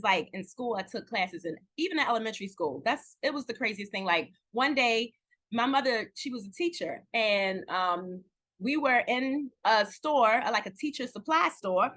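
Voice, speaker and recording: Bright, animated high-voiced woman. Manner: animated storytelling, acts out quoted dialogue, near tears at times. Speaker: guest actress. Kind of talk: candid interview chat.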